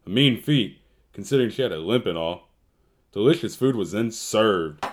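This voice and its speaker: A man's voice: on the low side, animated, normal speed, slight background noise. A man narrating a fairy tale as a comedic parody, in a mock-storybook tone peppered with street slang.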